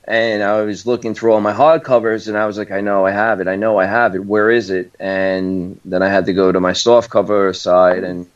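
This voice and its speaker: A man's voice: fairly low pitch, flat delivery, moderate pace, few pauses. Rambling man on a lo-fi mic. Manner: rambling, many fillers and restarts. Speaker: podcast co-host. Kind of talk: casual chat. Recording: distant, dull lo-fi mic.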